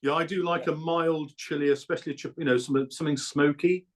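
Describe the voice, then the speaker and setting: Man, food producer guest, casual chat, enthusiastic, throat clearing. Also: on the high side, fairly even intonation, brisk.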